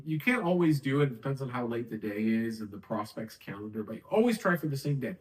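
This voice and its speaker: A man teaching a sales technique in a casual, conversational way, acting out phone lines and slowing down to demonstrate them. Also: mid-range voice, animated, poor audio. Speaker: sales coach. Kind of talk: casual talking-head tutorial.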